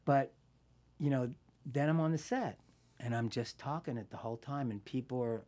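A man's voice: medium pitch, moderate pace. A man in his sixties, an actor as guest, telling anecdotes in a casual interview, swearing freely and acting out quoted lines. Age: 60s. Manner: animated storyteller, swears freely, acts out quotes.

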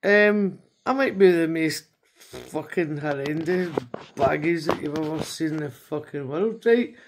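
A Scottish woman from Scotland launches into a heated, rambling, sweary rant in a video message, constantly tagging her sentences with "right?". Her voice is low-pitched and her pace measured.

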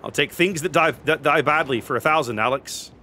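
A man's voice: fairly high pitch, brisk, sharp tone. A man casually commentating his own naval battle game, joking and sarcastic with theatrical asides. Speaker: gameplay commentator.

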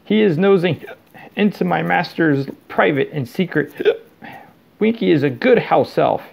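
A man's voice: lively intonation, measured pace, vocal fry, heavily acted. A man voicing a nervous, loyal male house elf with broken grammar in a storybook reading. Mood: insistent. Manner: squeaky, earnest, broken grammar.

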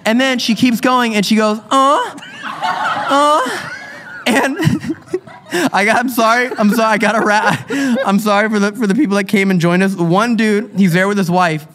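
High, excitable male storyteller. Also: normal speed, slight background noise. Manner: animated, excitable, laughs a lot while telling. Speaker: paranormal investigator podcast host. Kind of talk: live stage storytelling.

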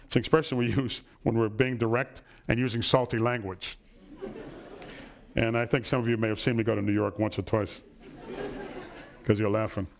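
A man's voice: fairly low pitch, flat delivery, moderate pace, creaky, pauses often, a faint crowd. A middle-aged man giving a personal lecture to an audience in a hall, telling family stories and checking in with "right?". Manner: warm storytelling, asks "right?" often.

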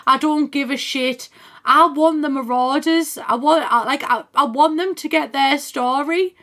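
A woman's voice: high voice, measured pace, fairly bright tone. Chatty young woman streaming a game. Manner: chatty, thinks aloud, thanks viewers by name; swears casually and laughs often. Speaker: live streamer. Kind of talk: casual gaming stream chat.

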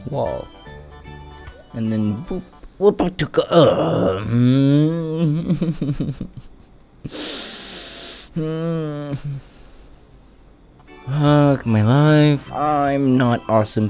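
Goofy, low-voiced young gaming man. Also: mellow. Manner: rambling, goofy, swears a lot, sing-song exclamations. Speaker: gaming YouTuber. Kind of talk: casual gameplay commentary.

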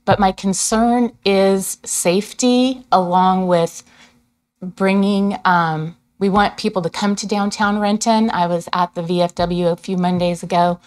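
A woman's voice: medium pitch, steady tone, a little slow, a little mellow, clear, resonant tone. A middle-aged woman, a business owner, giving an earnest, somewhat rambling public comment at a city council meeting. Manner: earnest, rambling, hesitant with ums. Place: council chamber.

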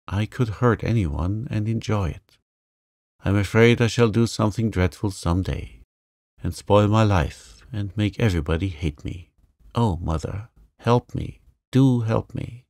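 A man voicing a remorseful, hot-tempered teenage girl who pleads tearfully, in a gentle storybook reading. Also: fairly low pitch, creaky, no echo, studio quality.

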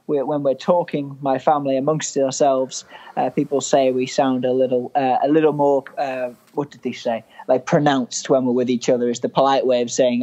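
A man's voice: medium pitch, flat delivery, normal speed, mellow, highs cut off. A young man from England with a mild northern English accent, a podcast guest telling stories in a chatty, good-humoured way. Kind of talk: casual chat.

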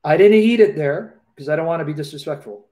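A man with a notably high voice hosts a live Q&A over a video call. He speaks earnestly and with feeling, circling back to repeat key phrases as he tells a personal story. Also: fast, warm tone. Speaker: host of a live Q&A.

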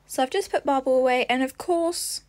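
A woman's voice: sits high, rapid-fire, loud music behind the voice. A woman casually narrating her gameplay, chatty and coaxing as she praises and urges on her horse. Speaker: gaming vlogger.

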